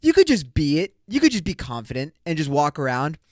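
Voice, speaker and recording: Higher-voiced man ranting profanely. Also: huge pitch swings, fairly quick, a little mellow, dry recording, clean studio sound. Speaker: podcast host. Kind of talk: casual rant.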